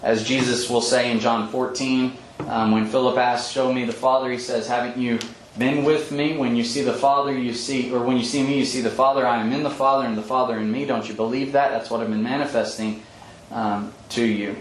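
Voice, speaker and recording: Male bible teacher, mid pitch, explanatory and unhurried, echoey room. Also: fairly even intonation. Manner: thoughtful, explanatory, with frequent ums and restarts. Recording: echoey room with faint background hum.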